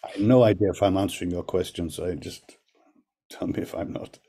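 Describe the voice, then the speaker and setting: A man's voice: low-pitched, fairly even intonation, a little fast, mellow, husky. An older man speaking on a video call, telling candid stories about his work with frequent restarts. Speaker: guest speaker, choreographer. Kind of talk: reflective talk on a video call.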